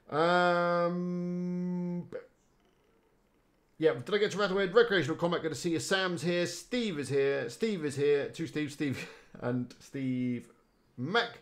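A man chatting casually on a live stream, rambling and greeting viewers by name. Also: on the high side. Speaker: live-streaming website builder.

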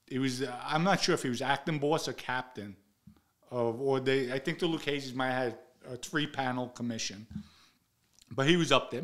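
A blunt older man tells street stories in a casual monologue. He swears freely and talks in a middle-pitched voice, getting loud and sharp whenever he acts out what someone said. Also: normal speed. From the Bronx, New York. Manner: blunt, profane, acts out quotes in a raised voice. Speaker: show host telling stories.

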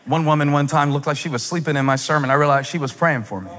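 A male pastor preaching an impassioned sermon with humor, at times breaking into shouts. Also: on the high side, fast talker, a little hiss or hum. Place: large church auditorium. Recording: long hall reverb.

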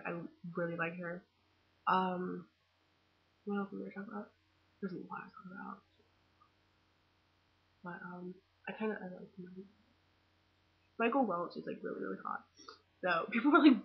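A teenage girl gushing about a movie in a casual webcam vlog, excitable and full of fangirl chatter. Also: lowish voice, creaky, slightly rough, dull audio. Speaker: vlogger.

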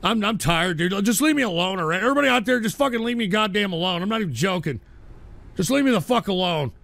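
A man with a high, gravelly voice hosts a live radio stream in a full-blown rant. He curses, stammers and flips between muttered grumbling and furious shouting at trolls. His voice is bright and edgy, heard dry and close on the mic. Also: expressive, quick pace, dry recording. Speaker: talk radio host.

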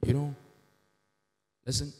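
A man acting out the devil as a sly, coaxing tempter, speaking low and soft. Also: takes it slowly, big-room sound, natural voice. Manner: low, soft, persuasive wheedling.

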